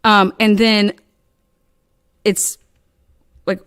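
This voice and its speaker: A woman's voice: a little high, animated, unhurried, pauses often, dry recording. Furious foul-mouthed woman ranting. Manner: profane, combative, heated. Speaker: channel host. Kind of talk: angry livestream rant.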